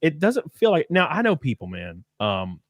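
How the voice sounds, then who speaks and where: A man's voice: a little high, moderate pace, no echo, studio quality. A man from Alabama with a thick Southern accent, hosting a casual live stream and chatting loosely, cursing now and then. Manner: loose, excitable, swears casually. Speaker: stream host. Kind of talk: casual chat.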